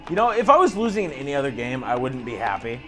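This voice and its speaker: A man's voice: mid-range voice, very animated, fast talker. A man co-hosting a casual gaming chat, joking around and humming along. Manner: joking, sings along off-key and hums riffs. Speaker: co-host. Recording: game music playing behind.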